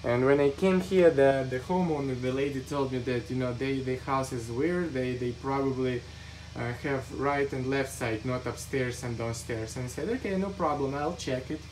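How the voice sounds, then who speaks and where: A man whose first language is not English, walking through an air duct cleaning job inside a house, speaking haltingly and searching for words with many restarts. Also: mid-range voice, fairly even intonation, a little mellow, soft background music. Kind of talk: walkthrough narration on the job.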